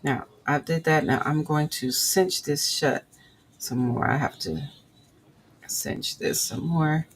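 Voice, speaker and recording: Gravelly slow-talking woman teaching crochet. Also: sits low, a little hiss or hum, low-quality recording. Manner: chatty, reads and answers live chat. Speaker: crochet livestream host. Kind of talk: casual crochet tutorial, counting stitches.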